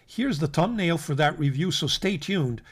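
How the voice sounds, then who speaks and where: A man's voice: fairly high pitch, expressive, normal speed, breathy edge. A man hosting a pen channel, walking viewers through new pens in a casual, rambling way with many fillers and restarts, calling them folks. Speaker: fountain pen channel host. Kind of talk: casual product roundup.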